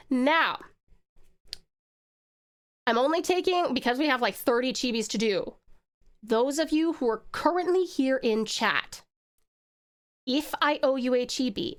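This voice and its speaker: A woman from Tasmania chatting casually with her viewers on a livestream while she draws, rambling and talking straight to the chat. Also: high voice. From Tasmania, Australia. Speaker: livestreamer and artist.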